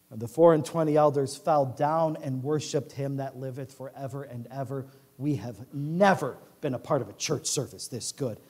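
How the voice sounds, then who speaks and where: A male pastor preaching a sermon, reading scripture in a loud rising voice and dropping low for asides. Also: husky. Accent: American Midwest. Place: church sanctuary.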